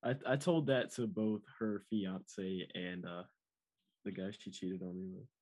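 A man's voice: sits low, steady tone, unhurried, a little mellow. A man who is a podcast guest on a video call, giving laid-back, brief replies from far from his microphone. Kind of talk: casual podcast chat.

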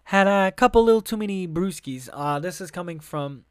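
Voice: medium pitch, expressive, normal speed, smooth, dry recording, clean studio sound. A podcast host who reads news articles aloud in a casual way, with many fillers, restarts, offhand asides and frank swearing. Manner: offhand asides between read passages.

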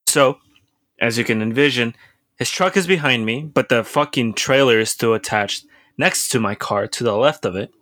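Bright-voiced young man telling a story. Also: medium pitch, moderate pace, no echo, studio quality. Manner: profane, rambling, lots of restarts and filler words. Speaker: podcast co-host telling a story. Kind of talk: casual storytelling chat.

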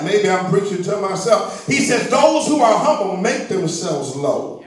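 High-voiced preaching man in echoey church. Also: big pitch swings, unhurried, few pauses. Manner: rhythmic call-and-response preaching, rising to shouts. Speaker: pastor. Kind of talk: sermon. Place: church sanctuary. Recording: echoey church hall, mic at a distance. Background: congregation responding.

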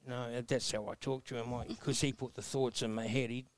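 A man's voice: medium pitch, level tone, brisk, background noise. Blunt Australian man in his sixties. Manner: blunt, earnest, folksy with mild self-mocking humor. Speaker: guest. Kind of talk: personal storytelling interview.

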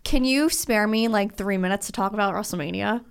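A woman's voice: medium pitch, a little fast, gravelly, a crowd in the background. A young woman co-hosting a podcast in casual chat, rambling and full of fillers like "like" and "um". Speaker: podcast co-host.

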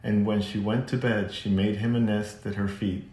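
A man narrating a children's classic as an audiobook in a steady, measured way. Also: lowish voice. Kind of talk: scripted narration. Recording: echoey room.

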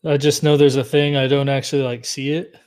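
A man's voice: medium pitch, flat delivery, a little fast, darkish tone. A man playing a tabletop game over an online voice call, casual and thinking aloud. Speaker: player.

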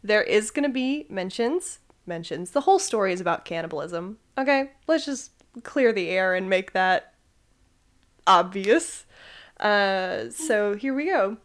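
A woman's voice: medium pitch, animated, unhurried. A young woman hosting a podcast, telling a story casually, giggling and stumbling over names. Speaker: podcast host.

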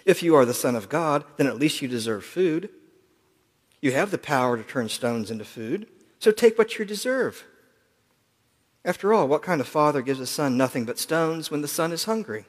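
Satan as a smooth, insistent tempter, put on by a male preacher, pushing and coaxing in a louder, higher voice. His words ring out with a long reverb in a large hall. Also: lively intonation, normal speed.

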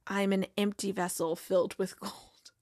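Woman doing a low, lofty star footballer. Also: little pitch movement, moderate pace, a little mellow, no room sound, clean studio sound, close to an everyday voice. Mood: grandiose. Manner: solemn, lofty pronouncements. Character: grandiose self-adoring male star footballer.

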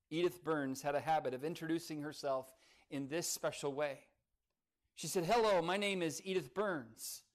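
A male pastor preaching a sermon, telling a story earnestly with dramatic pauses. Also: on the high side.

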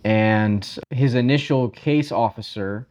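A man's voice: on the low side, takes it slowly, darkish tone, a little hiss or hum. A man co-hosting a podcast, casually telling a history story with many fillers and frequent yeahs.

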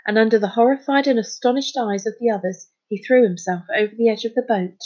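A woman narrating a children's storybook in a clear, even reading voice. Her voice sits fairly high and is breathy. The recording is dull and lo-fi. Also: fast, hardly any pauses. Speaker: storybook reader.

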